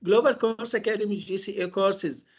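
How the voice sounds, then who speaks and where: A woman's voice: mid-range voice, steady tone, normal speed, darkish tone. A woman teaching English pronunciation in a webinar lecture, repeating example words over and over like a drill.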